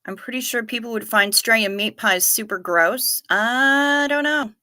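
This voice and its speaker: A woman's voice: medium pitch, normal speed, pushed and bright, dry recording, clean studio sound. A woman hosting a live stream in a casual, chatty way, reading out viewer comments with wry asides and repeating herself for effect. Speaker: livestream host.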